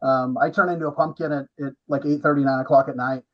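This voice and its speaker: A man's voice: mid-range voice, fairly even intonation, fast talker. Man from the West Coast, co-presenter, wry and joking, lo-fi muffled call audio. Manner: joking, repeats words. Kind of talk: casual webinar Q&A. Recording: dull lo-fi audio.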